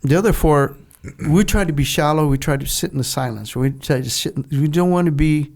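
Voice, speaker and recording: An older man in his seventies tells stories as a podcast guest. He is animated, chuckling between lines and acting out the people he quotes. His voice sits a little high and has a gravelly rasp. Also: brisk. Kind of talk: casual storytelling.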